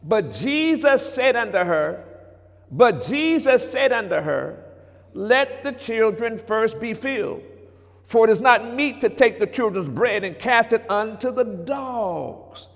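A man preaching a sermon as pastor, moving from hushed passages to shouts and calling out to the congregation. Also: high voice, expressive, takes it slowly, vocal fry. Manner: preacherly, swings between hushed and shouted, talks back to congregation. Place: church sanctuary. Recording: long reverb of a church hall.

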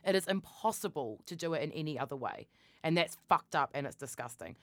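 Low-voiced, fiery young woman. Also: animated, fairly quick, no room sound. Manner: fiery, swears a lot, gets worked up. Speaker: podcast co-host. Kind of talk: casual chat.

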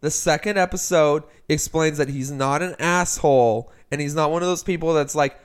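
On a casual podcast, a male co-host with a smooth, somewhat high voice recaps a plot in a rambling way, quoting characters along the way. He keeps a moderate pace.

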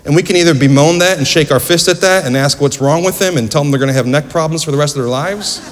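Earnest preacher in an echoey hall. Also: male voice, a little high, fast. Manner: earnest storytelling with rhetorical questions. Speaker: pastor. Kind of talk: sermon. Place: church.

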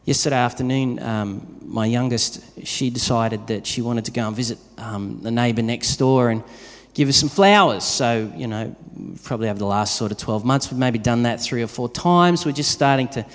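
A man preaches in a relaxed, conversational manner, weaving everyday stories into his sermon. His voice sits at an ordinary middle pitch. The sound rings with the long reverb of a large hall. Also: normal speed, few pauses. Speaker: pastor.

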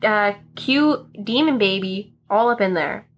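Animated young woman recapping a movie. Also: mid-range voice, lo-fi sound, slight background noise. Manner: animated, acts out characters' lines in quick voices. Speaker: podcast guest. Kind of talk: casual chat, recapping a movie.

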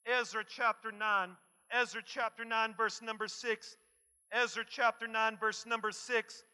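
A man preaching a sermon emphatically, repeating key phrases and swinging from soft asides to shouts. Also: high-pitched, fairly even intonation, measured pace, clean tone. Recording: long hall reverb.

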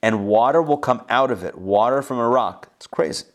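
A man's voice: mid-range voice, normal speed. A man teaching a Bible passage, reading verses aloud and breaking in with casual explanations and asides. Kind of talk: reading scripture with commentary.

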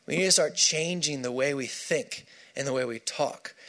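A man's voice: medium pitch, moderate pace, fairly bright tone. A man preaching a sermon, emphatic and repeating key phrases for stress.

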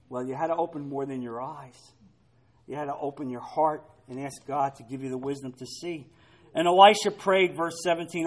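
High-voiced emphatic preacher man. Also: animated, normal speed, rough recording. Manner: dramatic, rising to loud emphatic peaks; conversational asides to the congregation. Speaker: pastor. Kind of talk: sermon with scripture reading.

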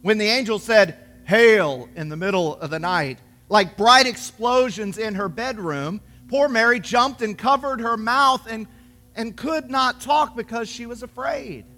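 A man narrating a storybook tale in a gentle, expressive way. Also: very high voice, measured pace. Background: soft music with singing bowl.

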